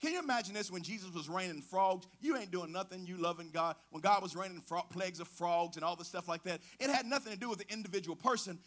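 A man preaching a sermon in a lively, conversational way, asking the congregation questions and using slang. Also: high-pitched, quick pace, few pauses.

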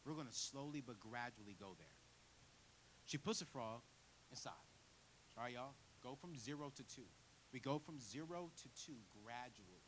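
A man preaching a storytelling sermon, acting out the voices of the people in his story and building to loud, fervent preaching. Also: mid-range voice, lively intonation, normal speed, slight background noise.

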